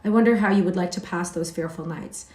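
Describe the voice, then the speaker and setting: A woman's voice: on the low side, quick pace, mellow, recorded from a distance, natural voice. A woman voicing a sickly, petulant young boy who whines and sulks, in an echoey room. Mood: whining. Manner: whiny, peevish.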